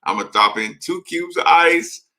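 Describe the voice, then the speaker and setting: A man's voice: on the high side, lively intonation, moderate pace, sharp tone. A man hosting a casual late-night live show, rambling as he reads and answers chat comments.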